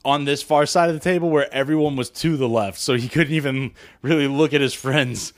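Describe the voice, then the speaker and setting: A man's voice: fairly even intonation, fairly quick, dry recording. A man in his thirties co-hosting a casual podcast, telling stories with lots of swearing and acted-out quotes. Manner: profane, storytelling, acts out quotes in shrill voices. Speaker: podcast co-host.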